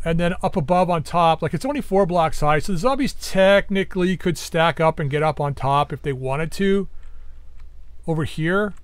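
A man giving casual gameplay commentary, thinking aloud as he plans, his voice going a bit hoarse. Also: on the high side, no echo. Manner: thinking aloud, musing and planning.

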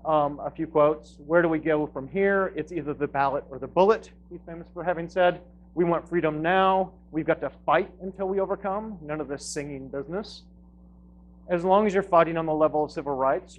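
Wry man lecturing, a touch high. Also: lo-fi sound. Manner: dry wry humor, laughs at own jokes. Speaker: philosophy professor giving a talk. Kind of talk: lecture to a live audience.

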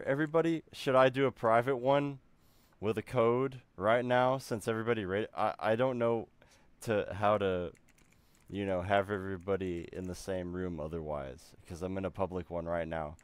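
A man streaming live, reacting in excited disbelief with lots of repeated exclamations. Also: lowish voice, moderate pace, clean tone, no room sound. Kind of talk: casual live-stream chat.

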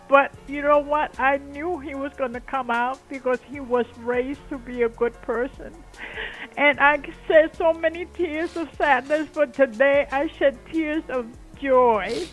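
A woman's voice: high-pitched, measured pace, highs cut off, soft background music. An older woman calling in to a talk show, emotional and tearful as she speaks. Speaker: caller, guest's aunt. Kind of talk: phone call to a talk show.

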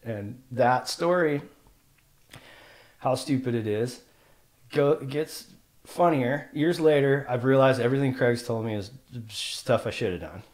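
A middle-aged man from Washington State, a pro snowboarder, telling stories as a podcast guest and acting out the voices in them. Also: measured pace. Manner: animated storyteller who acts out quotes with jumps in pitch and loudness. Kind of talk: casual storytelling interview.

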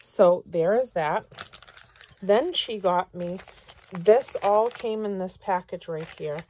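A woman's voice: mid-range voice, takes it slowly, warm tone, a little hiss or hum. A woman vlogger opening mail from friends, gushing and effusive and moved to tears as she talks. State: tearful. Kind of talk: casual unboxing chat.

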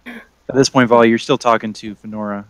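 A man running a tabletop game as game master, narrating in a relaxed way with many fillers. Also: mid-range voice, a little fast, no echo, low-quality recording.

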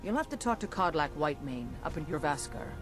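A woman's voice: low voice, very animated, fairly quick, over music. A woman voicing a proud, blunt woman warrior from an order of mercenaries, brusque and challenging with outsiders.

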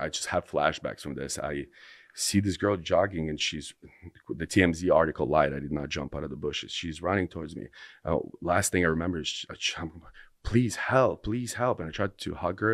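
Here a young podcast guest speaks in a low voice with a fairly bright tone, captured in clean studio sound without room noise. His long, casual story meanders, with restarted sentences and plenty of cursing.

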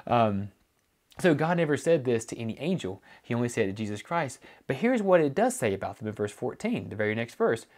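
A man's voice: medium pitch, big pitch swings, fairly quick, darkish tone. A man preaching a teaching sermon, explaining scripture in a loose way with frequent fillers and restarts. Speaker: pastor.

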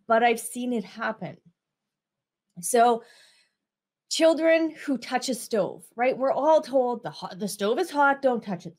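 Speaking casually to camera, a woman business coach has a fairly high pitch and a darkish tone. She draws her words out slowly and checks in with listeners to see if they're following.

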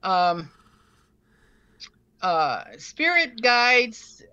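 A woman's voice: a little high, sing-song, drawn-out words, sharp tone, clear, resonant tone, lo-fi sound. A woman co-hosting a casual spiritual podcast, chatty and self-deprecating, her throat a bit irritated from smoke. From United States. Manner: chatty, self-deprecating, laughs at own stories. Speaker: podcast co-host.

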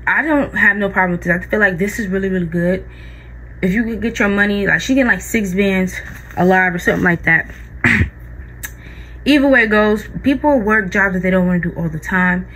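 Casual woman vlogger, rambling and loose, mid-pitched voice, faint room noise. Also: sharp tone, rough recording. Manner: rambling, full of likes and restarts. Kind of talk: casual chat.

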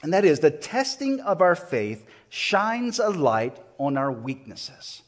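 A man's voice: on the high side, sing-song, takes it slowly. A man pastor preaching a sermon, retelling a story and acting out the voices in it, with frequent small restarts.

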